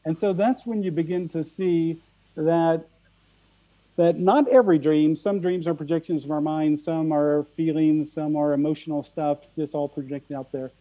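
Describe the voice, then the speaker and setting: A man from the central United States, a guest telling stories in conversation, halting and often repeating his words. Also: a little high, steady tone, warm tone. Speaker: guest speaker. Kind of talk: storytelling in conversation.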